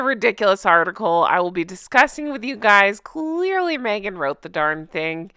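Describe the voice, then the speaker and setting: A woman's voice: medium pitch, moderate pace, hardly any pauses, clean tone, dry recording, studio quality. A woman hosting a commentary show, chatting sarcastically and laughing a lot as she mocks a news story. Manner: laughing, mocking, animated. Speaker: host.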